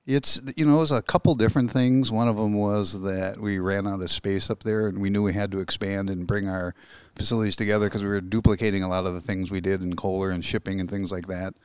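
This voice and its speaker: Low-voiced easygoing Midwestern man. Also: steady tone, fast talker, hardly any pauses, clean tone, no room sound. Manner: easygoing, dry humor, plain-spoken. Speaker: industry guest, engine company manager. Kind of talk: casual interview chat.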